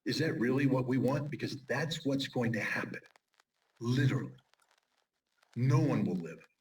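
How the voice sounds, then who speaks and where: A man's voice: mid-range voice, expressive, normal speed. A man as an interview guest, giving urgent, emphatic warnings in a commentary style. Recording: distant mic with faint noise.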